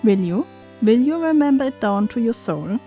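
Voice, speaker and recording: A woman's voice: sits high, sing-song, moderate pace, a little mellow, faint music behind. A woman voicing a stern, controlling father who insistently lectures his little daughter. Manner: insistent, admonishing.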